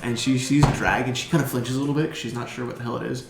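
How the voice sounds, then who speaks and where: A man narrating as game master, animated and laughing often. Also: medium pitch, very fast, creaky, echoey room, music in the background.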